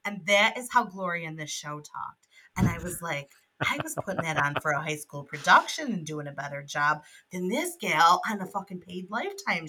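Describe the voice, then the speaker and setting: A young adult woman co-hosting a podcast in casual chat. She is animated, swears freely and laughs often. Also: lowish voice, husky, poor audio. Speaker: podcast co-host.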